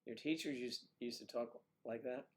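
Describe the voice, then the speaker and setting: A man hosting a livestream, chatting casually with viewers and joking, with quiet, half-whispered asides. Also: mid-range voice, steady tone, moderate pace. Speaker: livestream host. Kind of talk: casual chat reading viewer comments.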